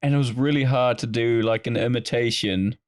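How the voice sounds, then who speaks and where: A man's voice: mid-range voice, a little fast, no echo, studio quality. A man co-hosting a casual podcast, rambling in silly bursts and restarting his sentences. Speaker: podcast co-host.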